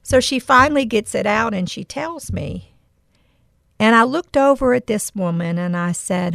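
A woman's voice: fairly high pitch, animated, normal speed, vocal fry, fairly bright tone, dry recording, studio quality. A middle-aged woman hosting a podcast, telling a personal story with earnest emotion and reflecting on Bible verses. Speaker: podcast host.

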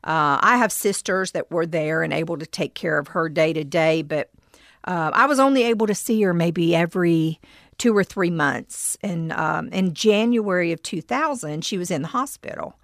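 Halting, reflective middle-aged woman. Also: on the low side, no room sound, studio quality. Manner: reflective and halting, with frequent pauses and restarts. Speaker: storyteller. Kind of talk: personal testimony.

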